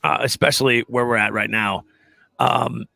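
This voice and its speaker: A man's voice: fairly low pitch, steady tone, normal speed, creaky, bright, forceful tone. A man hosting a casual live show, joking around with his co-host and reading viewer comments. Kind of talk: casual live-stream chat.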